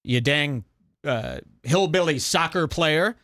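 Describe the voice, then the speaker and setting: A man's voice: expressive, takes it slowly, fairly bright tone, no room sound, studio quality. A man hosting a podcast, ranting crudely and mockingly in a comedic style. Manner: mocking, exaggerated, swings pitch wildly. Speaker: podcast host.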